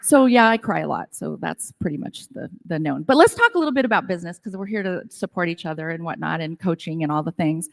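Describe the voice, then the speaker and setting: A woman's voice: on the low side, animated, fast, gravelly, few pauses. A middle-aged woman telling casual, self-deprecating stories to a live audience at a business event, chatty and full of "like". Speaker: speaker at a women's business event. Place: conference room with audience. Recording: long reverb of a hall.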